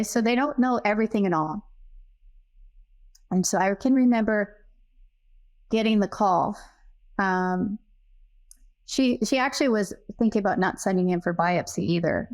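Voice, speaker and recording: Middle-aged woman, podcast guest, earnest storyteller who acts out dialogue, average pitch. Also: fairly even intonation, moderate pace, pauses often, darkish tone. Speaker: podcast guest, psychic medium. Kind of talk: personal storytelling in a casual interview.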